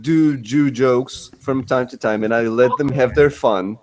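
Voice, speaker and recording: A man with an Israeli accent hosting a casual group call, talking in halting, restarting sentences. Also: mid-range voice. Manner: rambling, halting with many restarts. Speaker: host.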